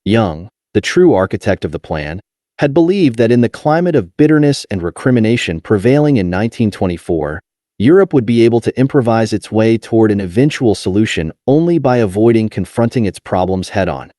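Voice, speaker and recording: Low, mellow male audiobook narrator. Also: animated, fairly quick, no echo, clean studio sound. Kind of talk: scripted nonfiction narration.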